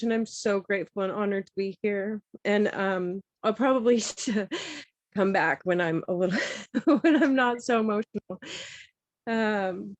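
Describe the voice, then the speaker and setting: A woman's voice: mid-range voice, no echo. Teary woman sharing on a video call. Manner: halting, grateful, laughing through tears. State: teary and emotional. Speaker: participant sharing in the circle.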